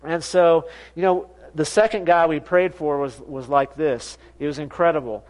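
Male pastor with a light, high voice; lively, laughing sermon storyteller. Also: moderate pace. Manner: animated, laughing storyteller who acts out quoted voices. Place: church sanctuary.

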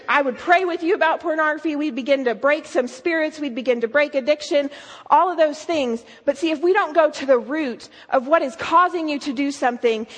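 A woman giving an earnest sermon, telling a story and asking emphatic questions. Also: high voice. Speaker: speaker. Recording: long hall reverb.

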